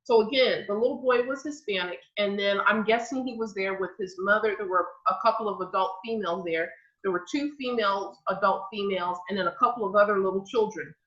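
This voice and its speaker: A woman's voice: medium pitch, fairly quick, a bit bright. A woman in her forties sharing a personal story in earnest, reflective tones during a group discussion. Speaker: panelist. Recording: dull lo-fi audio.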